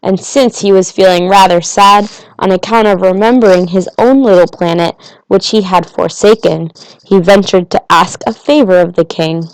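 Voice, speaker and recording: A woman reads a storybook aloud at an unhurried pace. Her voice sits at a middle pitch. A long reverb trails behind her words. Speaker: audiobook narrator. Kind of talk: storybook narration.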